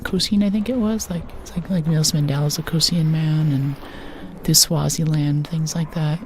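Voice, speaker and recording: Woman streamer, soft-spoken ASMR gaming talk, deep and dark-toned, playful whispers. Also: slight background noise. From United States.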